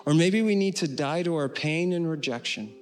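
A man pastor preaching a sermon in an earnest way, slowing down on key phrases and closing with a prayer. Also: a little high, lively intonation, soft background music. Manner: earnest, slows for emphasis and ends with prayer.

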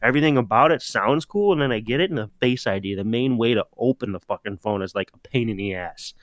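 A young man co-hosting a casual podcast, telling animated, swear-filled stories in a relaxed chat. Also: on the low side, fast talker, no room sound. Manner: animated storytelling, swears, mimics himself. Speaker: podcast co-host.

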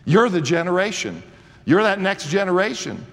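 A man's voice: high voice, sing-song, normal speed, creaky, big-room sound. A man in his sixties preaching a sermon, swelling with fervor and often restarting his sentences. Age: 60s. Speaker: pastor.

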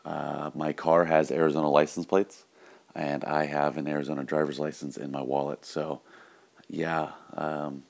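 A man's voice: a bass voice, normal speed, creaky. A man hosting his own podcast, telling a dry bar joke and then chatting casually to his listeners. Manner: deadpan joke telling, yelling the customers' lines. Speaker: podcast host.

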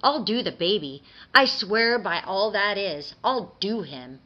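A woman's voice: medium pitch, expressive, measured pace. A woman voicing a cruel, foul-mouthed male imp with a tail and a cane, snarling and mocking, on a dull lo-fi recording. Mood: menacing. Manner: snarling, mocking, shouting threats.

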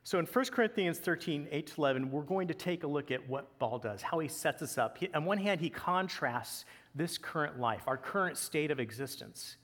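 A pastor delivering a conversational sermon with casual asides. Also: male voice, a little high, expressive, normal speed, few pauses, a bit bright, in a large hall.

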